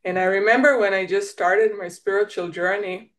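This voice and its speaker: A woman with an Israeli accent, a native Hebrew speaker, talks in a reflective conversation, often pausing and restarting as she looks for words. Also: mid-range voice, steady tone. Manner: searching for words, restarts, light laughs. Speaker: guest.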